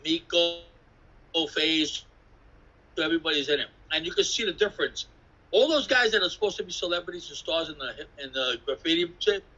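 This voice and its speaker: A man telling rambling, animated stories in a casual interview, acting out voices and swearing. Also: fairly high pitch, a little fast, lo-fi sound. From New York City. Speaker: interviewee, graffiti artist.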